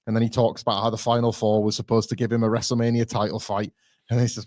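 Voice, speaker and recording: A man co-hosting a casual podcast, animated, acting out quotes in a rising voice. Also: on the low side, fast talker, dry recording, clean studio sound. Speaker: podcast co-host.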